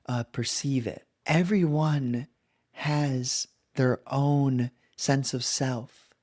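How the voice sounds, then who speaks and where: A man's voice: mid-range voice, darkish tone. A young adult man speaking as a coach in a reflective monologue, earnest and loose, checking in with "right?" and "okay?".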